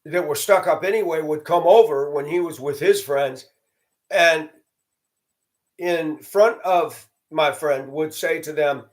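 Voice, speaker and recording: A channel host from the American South, a man with a slightly high voice and a somewhat slow pace, rants to his viewers. His monologue is sarcastic and judgmental, driven by emphatic repetition.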